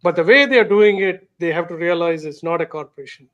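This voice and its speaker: A man hosting a casual tech and business chat, speaking in a measured, thoughtful way. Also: a little high, a bit bright. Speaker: host.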